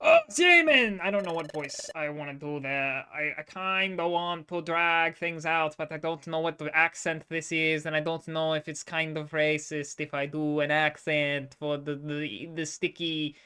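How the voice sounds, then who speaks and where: A woman's voice: low-pitched, flat delivery, moderate pace, few pauses, sharp tone, smooth. Swearing Australian woman streaming a game. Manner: swears freely, chatty, self-mocking asides. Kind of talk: casual live-stream gameplay commentary. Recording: game music in background.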